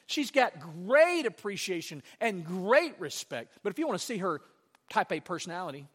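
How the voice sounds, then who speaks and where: A male preacher with a high, bright voice, retelling a story with lively, emphatic swings. His voice rings with a long reverb from the hall. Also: breathy edge. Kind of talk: sermon.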